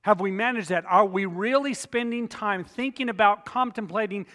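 A man's voice: high-pitched, moderate pace, sharp tone, in a large hall. A man preaching a sermon as pastor, emphatic and repetitive, telling personal stories to make his points.

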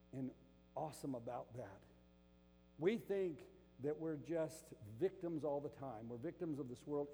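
An older man preaching a sermon, moving between loud emphatic bursts and quiet, hushed stretches. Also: medium pitch, long reverb tail. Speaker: pastor.

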